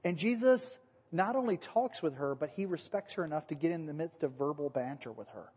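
A man preaching a sermon in a relaxed, conversational way, acting out the voices he quotes. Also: on the high side, fairly quick, husky, long reverb tail. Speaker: pastor.

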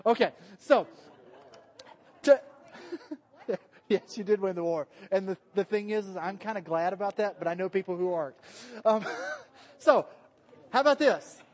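A man's voice: high voice, moderate pace, long pauses, big-room sound. Southern male pastor, chatty sermon, self-deprecating humor. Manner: joking, conversational, self-deprecating. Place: church meeting room.

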